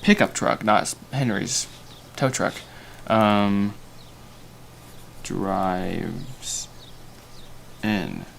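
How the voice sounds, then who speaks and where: A man's voice: fairly low pitch, very slow, creaky, pauses often, fairly bright tone, a little hiss or hum. A young man hosting a casual livestream while storyboarding, thinking aloud with self-mocking asides and many fillers. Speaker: animator and livestream host.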